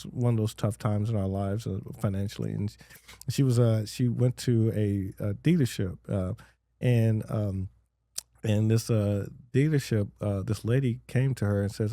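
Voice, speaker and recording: A man as a podcast guest, telling stories in a rambling way with lots of restarts and lively acted-out quotes. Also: fairly low pitch, unhurried, dry recording, clean studio sound. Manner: rambling storyteller, many fillers and restarts, animated quotes. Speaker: guest, business owner. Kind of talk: casual interview chat.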